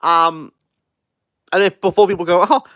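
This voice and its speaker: A Welsh man, a book reviewer, reacting live with excitable, jokey, self-mocking chat. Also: high-pitched, unhurried, no echo, studio quality. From Wales.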